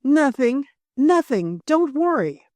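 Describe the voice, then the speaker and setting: A woman's voice: high voice, big pitch swings, slow pace, darkish tone, no room sound, exaggerated voice. A woman voicing an anxious young lady who pleads and holds back tears.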